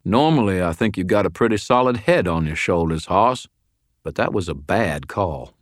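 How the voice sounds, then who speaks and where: A man voicing a gruff, folksy old male wizard mentor who talks bluntly and with a slow drawl, in an audiobook reading. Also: low voice, animated, dry recording, clean studio sound. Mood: reproachful. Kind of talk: audiobook character voice.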